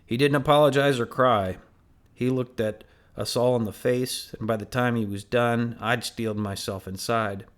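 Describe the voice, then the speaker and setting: A man reading a novel aloud in first person, measured and earnest. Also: mid-range voice, steady tone. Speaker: audiobook narrator.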